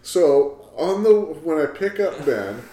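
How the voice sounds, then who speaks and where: A man's voice: on the high side, big pitch swings, slow, dark tone, reverberant. A man co-hosting a podcast, chatting casually and joking as he tells a rambling story. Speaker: podcast co-host. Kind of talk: casual chat.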